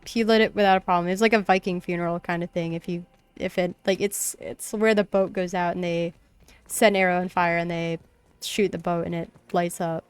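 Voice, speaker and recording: A woman's voice: on the low side, fairly even intonation, fairly quick, clear, resonant tone. A young woman streaming a game and casually retelling a tabletop session, rambling with lots of fillers. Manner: rambling storytelling, many fillers. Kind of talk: casual chat while gaming.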